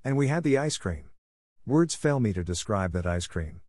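A man voicing a dramatic, imaginative orphan girl in an audiobook, speaking in a gushing, theatrical way. His voice is low and sounds very close to the microphone in a dry recording. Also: very animated, normal speed, darkish tone, no echo. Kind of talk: audiobook character reading.

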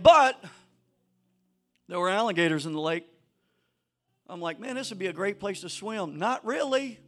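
A man preaching a sermon to a church congregation, swinging between shouted exhortation and low conversational asides. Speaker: pastor.

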